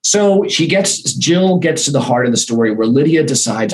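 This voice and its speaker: A man telling a personal anecdote in a lively, animated way, acting out the voices in his quotes. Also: medium pitch, normal speed, rough recording. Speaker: guest, storytelling consultant.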